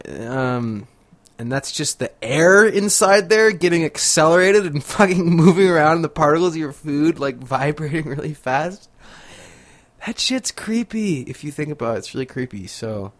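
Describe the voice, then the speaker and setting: A man's voice: a little high, unhurried, fairly bright tone. Rambling man chuckling through a monologue. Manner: chatty, laughs often, rambles on tangents. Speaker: podcast host.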